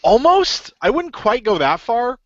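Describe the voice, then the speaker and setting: A man's voice: extremely high pitch, sing-song, measured pace, fairly bright tone, no room sound, dull audio. A man co-hosting a podcast in casual chat, rambling with lots of fillers. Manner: rambling, filler-heavy, full of "like". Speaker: podcast co-host.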